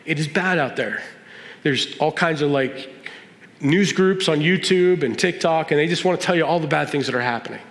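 Pastor preaching in a reverberant hall. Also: male voice, fairly high pitch, brisk. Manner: conversational preaching with playful asides and quoted voices. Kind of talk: sermon.

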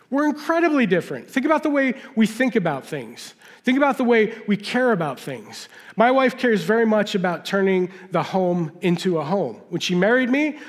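A middle-aged man preaching a sermon, telling folksy personal stories and asking the audience questions. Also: sits high. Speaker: pastor. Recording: long hall reverb.

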